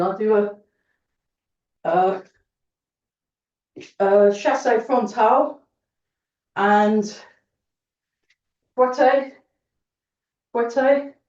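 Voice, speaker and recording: Breathless woman exercise teacher, cheerful and chatty, fairly high voice, recorded far off in an echoey room. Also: very slow, pauses often, darkish tone. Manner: cheerful, chatty, counts aloud. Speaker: fitness and tai chi instructor. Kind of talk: counting through an exercise class. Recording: roomy echo, distant mic, dull sound.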